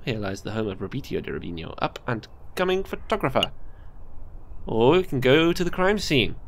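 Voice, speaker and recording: A man's voice: fairly low pitch, slight background noise. A British man hosting a let's play, chatting casually and reading game text aloud.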